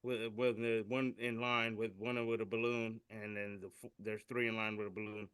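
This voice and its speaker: A man co-hosting a casual podcast, describing meme pictures and reading their captions with animated delivery. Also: lowish voice, moderate pace, smooth, no echo, clean studio sound. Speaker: podcast co-host reading memes. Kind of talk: casual chat, describing memes aloud.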